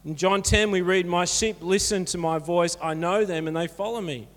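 A man's voice: sits high, steady tone, normal speed. A man preaching a sermon as pastor, earnest and encouraging in a conversational way. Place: church hall. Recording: church hall reverb.

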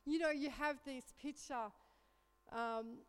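A woman's voice: high-pitched, takes it slowly. Chatty woman in her fifties. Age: 50s. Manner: chatty, self-mocking, animated when recounting panic. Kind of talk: storytelling talk at church. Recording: reverberant hall.

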